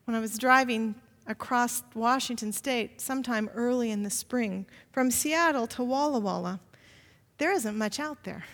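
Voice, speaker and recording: A woman preaching a sermon, telling a story that moves from hushed asides to forceful emphasis. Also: high voice, in a large hall.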